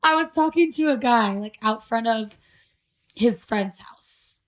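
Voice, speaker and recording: A woman's voice: fairly high pitch, a little slow. A woman in her twenties co-hosting a casual podcast, telling stories full of "like" fillers. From Arizona. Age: 20s. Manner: filler-heavy storytelling, lots of "like". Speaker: podcast co-host. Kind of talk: casual chat.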